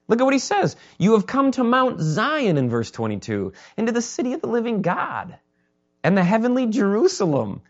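Animated man preaching a sermon. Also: sits high, muffled recording. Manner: animated, conversational preaching with acted-out quotes. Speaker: pastor.

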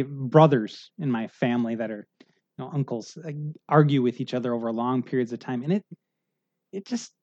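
A man's voice: medium pitch, darkish tone, dull audio. A middle-aged male pastor preaching a sermon in a conversational, earnest way, often checking in with the congregation.

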